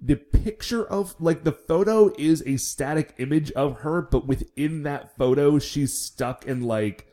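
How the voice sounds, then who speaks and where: A man's voice: a little high, measured pace, few pauses, warm tone. A man co-hosting a podcast, recapping a TV episode in an easygoing, wry casual chat. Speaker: podcast co-host.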